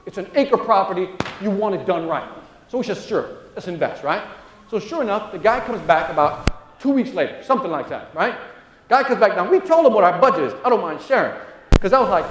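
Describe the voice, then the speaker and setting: A man's voice: high voice, noisy background. A middle-aged man, a sales trainer, telling a story on stage and acting out the dialogue, often asking "right?" to the audience. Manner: animated, acts out dialogue, frequent "right?". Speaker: sales trainer and motivational speaker. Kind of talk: storytelling keynote talk. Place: large event room. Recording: echoey room.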